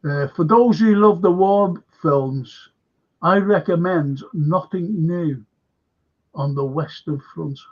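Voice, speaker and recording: A man's voice: fairly high pitch, takes it slowly, highs cut off. A man hosting a casual live-stream film chat, rambling and repeating himself as he reads viewer comments.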